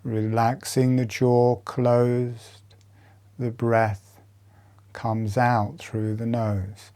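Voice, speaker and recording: A man leading a guided breathing meditation, giving calm instructions softly with long pauses. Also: mid-range voice.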